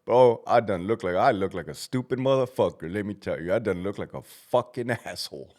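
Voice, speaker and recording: Profane, lively ex-prison-guard storyteller. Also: male voice, low-pitched, fairly quick. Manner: profane, blunt, laughs at himself, acts out shouted commands. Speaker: former prison officer telling stories. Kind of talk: casual storytelling monologue.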